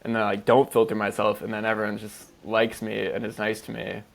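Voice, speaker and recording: A man's voice: on the low side, completely flat delivery, brisk, gravelly. A man co-hosting a podcast in casual chat, talking loosely with lots of swearing and "like" fillers. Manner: loose, profane, heavy "like" fillers. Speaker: podcast co-host.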